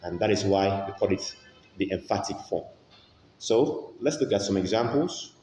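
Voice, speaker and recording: A man teaching an English grammar lesson, slow and patient, repeating each example several times. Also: sits low, dark tone, soft background music. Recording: echoey room with long reverb, faint ambience.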